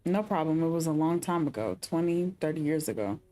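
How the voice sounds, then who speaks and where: A woman voicing a grieving Argentine woman who speaks in a dry, frank, halting way. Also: low voice, lively intonation, mellow, soft background music. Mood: guarded, sad.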